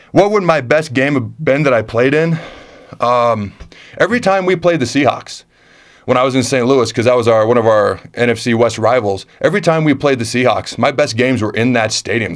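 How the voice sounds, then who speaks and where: A man's voice: medium pitch, normal speed. Ex-player man, 30s, casual Q&A, punchy emphatic delivery with repeated phrases. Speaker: former football player answering fan questions. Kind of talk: casual chat reading viewer questions.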